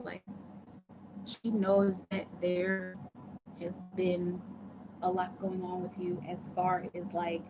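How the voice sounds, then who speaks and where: A woman giving a live tarot reading in a chatty, rambling way with many fillers. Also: on the low side. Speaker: tarot reader. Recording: dull lo-fi sound with background noise.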